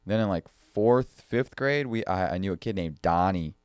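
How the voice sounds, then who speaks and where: A man's voice: deep voice, animated, normal speed, darkish tone, clear, resonant tone, no echo, studio quality. A man in casual chat as a podcast co-host, giving short, laid-back replies and telling his own childhood stories.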